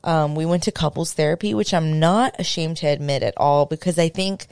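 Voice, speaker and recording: Young woman, low voice, casual podcast chat, animated storytelling, dry close sound. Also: brisk, clean tone, dry recording. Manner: animated, swearing, acts out quotes. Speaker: podcast host.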